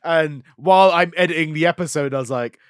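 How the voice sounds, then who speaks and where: A man's voice: on the high side, brisk, clean tone, dry recording, clean studio sound. A man co-hosting and editing a podcast, rambling casually with lots of filler words. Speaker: podcast co-host and editor. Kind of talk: casual chat.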